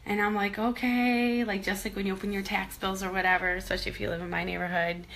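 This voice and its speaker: Casting: a tearful woman in her thirties, candid self-pep-talk vlog, bright forward tone. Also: mid-range voice, completely flat delivery, racing, creaky. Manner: rambling, candid, self-encouraging. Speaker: mother vlogging about money worries. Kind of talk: emotional personal vlog.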